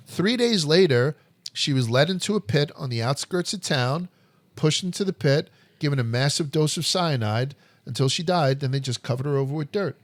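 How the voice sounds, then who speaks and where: A man's voice: fairly high pitch, expressive, normal speed, no room sound. A man hosting a history podcast, telling stories in a blunt, profane, joking way. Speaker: podcast host. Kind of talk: casual history chat.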